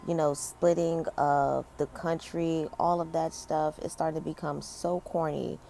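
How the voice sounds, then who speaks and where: Low, gravelly woman ranting casually. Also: level tone, a little slow, warm tone, a little hiss or hum. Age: 30s. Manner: conversational, lots of fillers, emphatic complaints. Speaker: commentary vlogger. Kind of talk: casual opinion rant.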